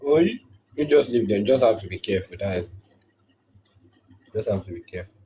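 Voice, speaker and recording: A man's voice: fairly low pitch, animated, a little fast, mellow, a little hiss or hum. A man chiming in off to the side, advising caution and dismissing the people being discussed.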